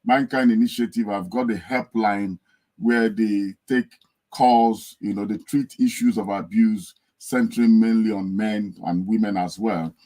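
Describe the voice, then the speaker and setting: A British podcast guest with a lowish, dark voice speaks a little slowly and with fairly even intonation, over a rough recording. Earnest, he makes his case through stories, including an impression of a wailing wife.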